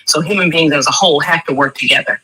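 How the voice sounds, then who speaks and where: A woman makes her case in a rapid stream. Her voice is bright and forceful, and she talks emphatic and preachy, full of rhetorical questions. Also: sits low, slightly rough, rough recording. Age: 40s. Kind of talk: impassioned commentary.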